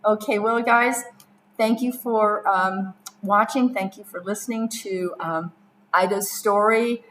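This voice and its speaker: A woman's voice: mid-range voice, steady tone, a little slow, fairly bright tone, poor audio. A woman hosting an interview who offers encouraging, faith-centered words and closes the episode. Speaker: host. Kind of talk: casual interview and outro. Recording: faint background noise.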